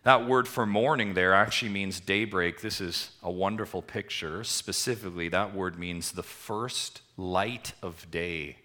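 A man preaching a sermon to his church congregation, asking rhetorical questions and swinging between emphatic swells and quiet drops. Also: low-pitched, measured pace, hardly any pauses. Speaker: pastor.

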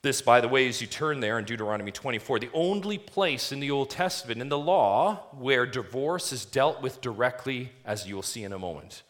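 Man, pastor, sermon, mid-range voice, animated rhetorical questions, slow deliberate scripture reading. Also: medium pitch. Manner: reads scripture aloud slowly and deliberately.

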